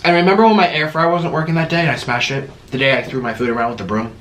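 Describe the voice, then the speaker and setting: A man hosting an eating video at home, chatting casually and rambling between bites. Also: rapid-fire. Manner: chatty, rambling, animated swings in pitch. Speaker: mukbang host. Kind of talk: casual chat while eating. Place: room at home. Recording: echoey room with faint background noise.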